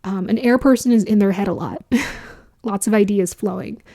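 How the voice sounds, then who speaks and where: A woman's voice: medium pitch, moderate pace, mellow. A woman giving a casual spiritual astrology talk, musing aloud, laughing often and dropping into whispers for emphasis.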